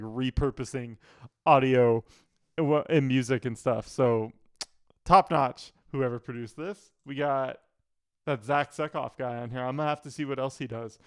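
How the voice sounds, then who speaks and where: A man's voice: medium pitch, clean tone, no echo, clean studio sound. A man, a music producer, giving an enthusiastic, analytical reaction to an album in casual talk, often leaning on "like" as a filler.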